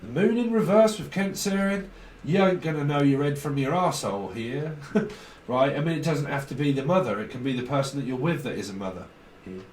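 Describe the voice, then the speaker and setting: A man's voice: fairly high pitch, lively intonation, fairly quick, darkish tone, echoey room, recorded from a distance, slight background noise, rough recording. A man giving a casual tarot reading, rambling and blunt, swearing freely. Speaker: tarot reader.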